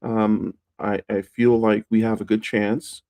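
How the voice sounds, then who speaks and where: A streamer talks slowly to an empty live chat, rambling and restarting with plenty of fillers. The tone stays mellow and relaxed, and now and then the speaker pushes the voice up higher. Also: gravelly. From United States. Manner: plays with raising the pitch of the voice.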